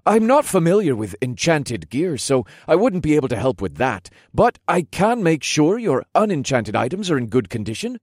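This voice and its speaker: A man's voice: a little high, very animated, moderate pace, hardly any pauses, darkish tone, no room sound, clean studio sound, voice pushed up. A man voicing a cheerful, helpful young lieutenant in an audiobook. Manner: chipper, helpful.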